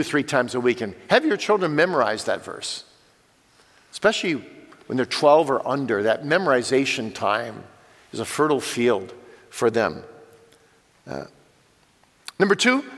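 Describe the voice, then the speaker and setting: A man's voice: mid-range voice, fairly bright tone. An older man giving an earnest church teaching talk, speaking directly to parents. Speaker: Bible teacher. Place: church hall. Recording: long church-hall reverb.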